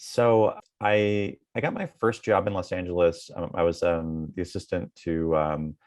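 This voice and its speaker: A man's voice: deep voice, flat delivery, unhurried, a little mellow, dry recording. A man in his thirties, a comedy writer, answering interview questions in a rambling way full of fillers.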